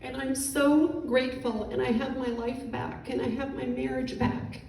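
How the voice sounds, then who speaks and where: A woman's voice: high-pitched, little pitch movement, creaky, darkish tone. Emotional middle-aged woman, echoey hall. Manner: tearful, apologetic, halting. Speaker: veteran speaker. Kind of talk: emotional personal testimony. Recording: echoey room, distant mic, faint noise.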